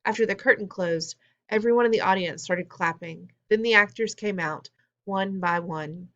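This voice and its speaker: A woman's voice: medium pitch, moderate pace, fairly bright tone, highs cut off. A woman narrating a storybook in the first person, plain and conversational. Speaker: audiobook reader.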